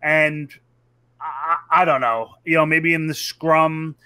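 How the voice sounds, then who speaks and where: A man's voice: a little high, fairly even intonation, unhurried, bright, forceful tone, clean tone, no room sound. A man co-hosting a casual podcast, rambling and swearing with lots of fillers. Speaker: podcast co-host.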